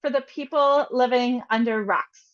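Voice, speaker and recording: Excited woman hosting a book launch chat, kinda high voice, muffled lo-fi audio. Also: normal speed. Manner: enthusiastic, gushing, giggly. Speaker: interviewer, host. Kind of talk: casual video interview.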